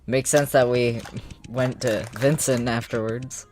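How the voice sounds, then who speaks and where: Giggly low-voiced American woman. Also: steady tone, unhurried, darkish tone. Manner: giggly, joking. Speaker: streamer dubbing a comic. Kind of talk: casual comic reading stream.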